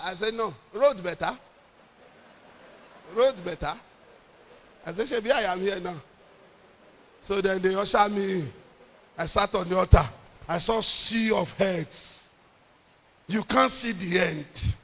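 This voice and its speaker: Nigerian man, pastor, high voice, bright tone, lively storytelling sermon. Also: a little slow, pauses often, long reverb tail. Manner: lively, mixes in pidgin and jokes.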